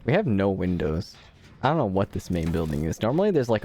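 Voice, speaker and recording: A man's voice: low-pitched, very animated, quick pace, warm tone, a little hiss or hum. A man streaming a video game, giving live commentary in a joking, mock-dramatic way and talking to the characters on screen.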